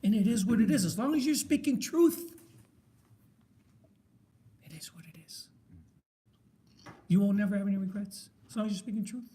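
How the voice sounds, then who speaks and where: A man's voice: sits high, quick pace, few pauses, warm tone. A middle-aged man leading a men's group, sharing his faith in a passionate, emphatic way and repeating his key words like a preacher.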